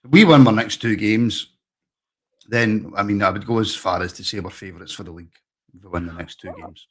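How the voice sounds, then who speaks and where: A man's voice: fairly low pitch, fairly quick. A Scottish man hosting a football phone-in, chatting in a friendly and agreeable way with callers. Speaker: phone-in host. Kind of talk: casual phone-in chat.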